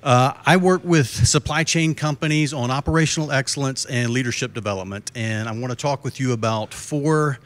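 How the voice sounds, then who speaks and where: A middle-aged man with a medium-pitched, fairly bright voice gives a live keynote on a conference stage, talking at normal speed with hardly any pauses. He tells folksy jokes and puts questions to the crowd.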